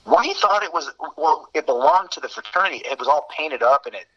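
A man's voice: fairly high pitch, expressive, fairly quick, a bit bright. A man telling fraternity-days stories in a rambling, laid-back way, heard over a muffled remote line. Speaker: interview guest. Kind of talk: casual storytelling.

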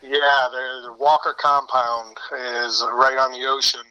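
A middle-aged man from Connecticut answering interview questions in a relaxed way, with many filler pauses. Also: medium pitch, clear, resonant tone, dull audio. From Connecticut, USA. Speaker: interview guest. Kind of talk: casual conversational interview.

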